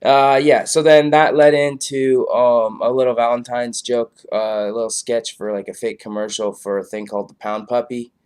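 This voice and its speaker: A man's voice: medium pitch, steady tone, moderate pace, hardly any pauses, a little mellow, smooth. A man casually reviewing a comedy show, rambling loosely with lots of fillers. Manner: loose, filler-heavy, laid-back.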